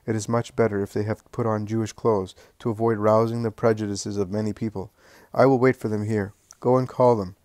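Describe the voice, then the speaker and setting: A man voicing a calm, wise teacher. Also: lowish voice, a little fast, no room sound, clean studio sound, lightly acted.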